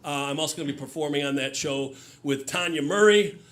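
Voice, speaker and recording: A man's voice: on the high side, fast talker, a bit bright. A man telling a stand-up story on stage, loose and chatty, with fillers and audience laughter. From Michigan. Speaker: stand-up comedian.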